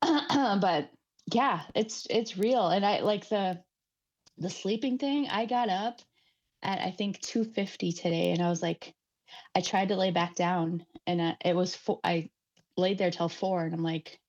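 A woman in casual conversation, relaxed and affirming as she tells a story. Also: mid-range voice, a little slow, dull audio. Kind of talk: casual chat.

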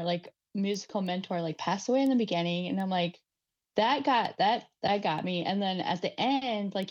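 Relaxed woman on slightly dull audio. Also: medium pitch. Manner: relaxed, affirming, storytelling. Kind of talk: casual chat.

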